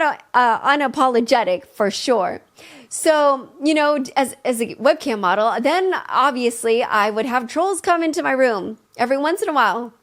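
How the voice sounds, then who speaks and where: Slow-talking, high-voiced woman host. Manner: chatty, laughs often, frequent restarts. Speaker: podcast host. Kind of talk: personal storytelling monologue.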